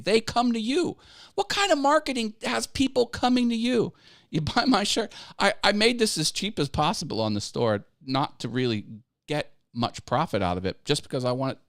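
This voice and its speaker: A man's voice: on the high side, no room sound, studio quality. A man hosting a casual live stream about growing a video channel, upbeat and chatty, laughing easily and thanking viewers. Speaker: YouTube coaching livestream host.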